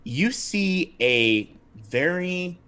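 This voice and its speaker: A man narrating as game master of a tabletop game livestream, lively with frequent restarts. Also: sits high, extremely slow, clean tone. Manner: lively, laughing, many restarts.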